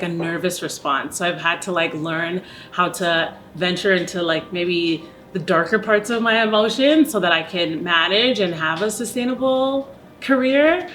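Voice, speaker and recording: A woman's voice: on the low side, a bit bright. A young adult woman, an opera singer speaking openly in a documentary interview, with many "like" fillers. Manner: open and reflective, heavy use of "like" as a filler.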